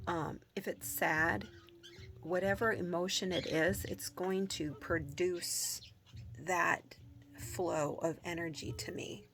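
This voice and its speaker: Slow, rambling woman vlogger. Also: fairly low pitch. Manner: rambling, many ums, soft whispered asides. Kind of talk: casual talk to camera.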